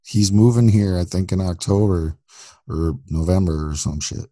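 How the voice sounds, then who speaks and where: A man's voice: deep voice, normal speed, dark tone, no echo, clean studio sound. A man co-hosting a recovery podcast, laid-back and casual, who swears and laughs easily. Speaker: podcast co-host. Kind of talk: casual chat.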